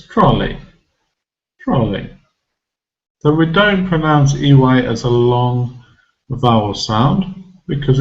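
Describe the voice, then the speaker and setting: Slow, patient male English teacher. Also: medium pitch, highs cut off. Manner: patient, explains step by step with repeated examples and questions to the class. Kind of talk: classroom teaching.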